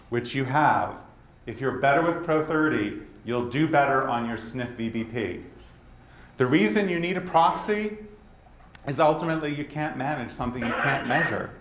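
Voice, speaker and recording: A man with a Boston accent giving a presentation at a leadership summit, talking straight to the audience and tossing in quick asides. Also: mid-range voice, a bit bright. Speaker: conference speaker. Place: conference hall. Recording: roomy hall with faint background noise.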